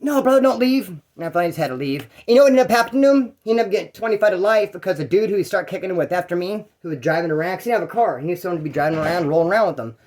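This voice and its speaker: A man rattles off a rambling, profane story at a quick clip, jumping in and out of other people's voices. His voice sits high for a man. He speaks casually, with no polish. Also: expressive, darkish tone. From California. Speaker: former prisoner telling stories.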